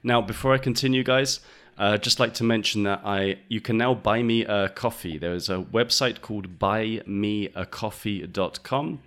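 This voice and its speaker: A male podcast host teaching English with a fairly low voice. He is patient and methodical, explaining step by step and repeating phrases slowly so learners can follow. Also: fairly bright tone.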